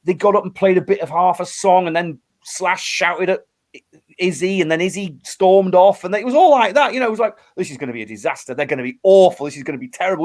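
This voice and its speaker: Middle-aged male musician guest, slightly high-pitched, animated storyteller with restarts. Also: quick pace. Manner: animated storyteller, acts out quotes, many restarts. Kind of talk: storytelling in a casual interview.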